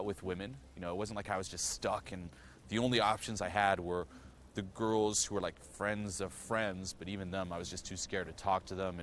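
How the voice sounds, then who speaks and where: A man's voice: low voice, fairly bright tone, slight background noise. A man telling his own story straight to the viewer, frank and earnest, swearing freely and leaning on "you know" fillers. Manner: earnest, direct address to viewer. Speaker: self-improvement vlogger. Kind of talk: candid personal storytelling to camera.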